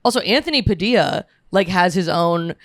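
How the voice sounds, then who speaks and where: A young woman telling stories in casual chat, rambling with lots of fillers and slipping into quick put-on voices. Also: fairly low pitch, expressive, no room sound, studio quality.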